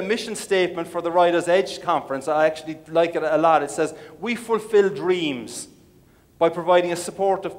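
A middle-aged man with an Irish accent giving a comic keynote speech, a playful storyteller full of jokey asides. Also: a little high. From Ireland. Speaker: keynote speaker. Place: large conference hall. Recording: long reverb of a large hall.

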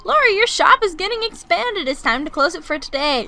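A young woman giving excitable let's-play commentary, gushing and repeating herself as she plays. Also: very high voice, fairly quick, few pauses, soft background music. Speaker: gaming YouTuber.

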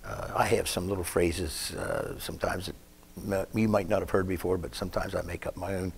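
A man with a fairly low voice preaching a sermon. He tells his stories in a folksy, rambling way and drifts into asides about himself. When he stresses a point, his voice climbs and gets louder. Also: flat delivery, a little fast, gravelly, a little hiss or hum. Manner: folksy, rambling storyteller who breaks off to comment on himself.

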